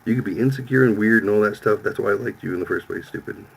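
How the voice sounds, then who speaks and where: A man's voice: lowish voice, quick pace, vocal fry, slightly rough, poor audio. A man in his fifties, a podcast host telling a profane story in casual chat, acting out the lines of the people in it. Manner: profane, animated storytelling with quoted voices.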